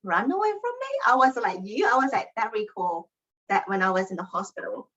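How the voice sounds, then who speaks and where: A woman leading a spiritual circle, talking in an earnest, lively way with non-native phrasing. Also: mid-range voice, fairly quick, highs cut off. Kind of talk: casual group session talk.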